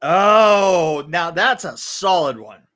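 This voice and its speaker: A male co-host chats easily and reacts with wry remarks. His pitch rises and falls in a lively, animated way. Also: slow. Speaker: podcast co-host. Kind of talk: casual podcast banter.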